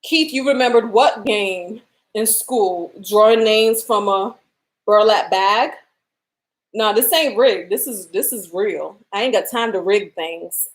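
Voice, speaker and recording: A woman's voice: mid-range voice, takes it slowly. A woman, hosting a casual livestream giveaway from home, chatting, laughing and reading out viewer comments. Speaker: livestream host running a giveaway.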